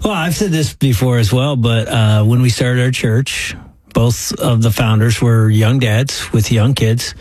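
A man's voice: mid-range voice, a little slow, darkish tone, dry recording. A man who co-founded a church, speaking thoughtfully in a conversation about raising kids. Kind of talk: podcast conversation.

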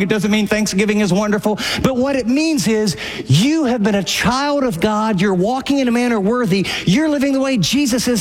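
A male pastor preaching a radio sermon in an animated way, acting out people's inner voices. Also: high voice, in a large hall.

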